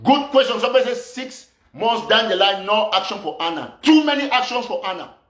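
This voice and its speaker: Cameroonian Pidgin-accented activist host, man, high voice, accusatory and repetitive, echoey room. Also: animated, fairly quick, a bit bright. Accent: Cameroonian Pidgin English. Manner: fiery and accusatory, repeats phrases for emphasis. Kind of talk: impassioned political rant to live viewers.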